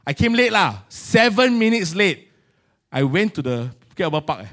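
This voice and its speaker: Animated Singaporean preacher, high voice. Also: male voice, a little fast. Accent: Singaporean English. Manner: animated storytelling, Singlish particles, lively swings in loudness. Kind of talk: sermon.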